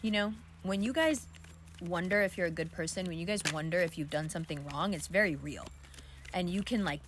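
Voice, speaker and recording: A woman's voice: fairly low pitch, a bit bright, slight background noise. A woman giving a casual, candid astrology card reading outdoors, talking loosely with plenty of fillers and the odd swear word.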